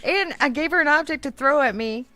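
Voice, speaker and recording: A woman's voice: high-pitched, quick pace, bright, forceful tone, no room sound. A woman with a Texan accent co-hosting a casual chat show, giggly and prone to wheezing laughter. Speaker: co-host.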